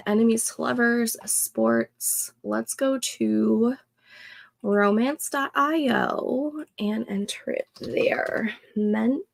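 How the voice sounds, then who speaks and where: Slow soft-spoken woman streamer, gravelly. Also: fairly high pitch, no echo. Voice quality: soft, soothing voice. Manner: slow, thinking aloud, reading chat comments. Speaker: livestream host. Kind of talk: casual co-working livestream chat.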